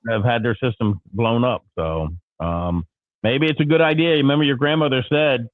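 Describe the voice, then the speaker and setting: A man hosting a casual morning show, telling a story with animated energy and acting out his own frustration. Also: mid-range voice, normal speed, no echo, narrow, tinny audio. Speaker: show host.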